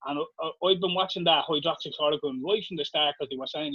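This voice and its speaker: A man's voice: fairly high pitch, fairly even intonation, fast, bright, forceful tone, slightly rough, no echo. An Irish man co-hosting a podcast, ranting with heavy swearing in casual chat. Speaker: podcast co-host. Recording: dull lo-fi dry sound.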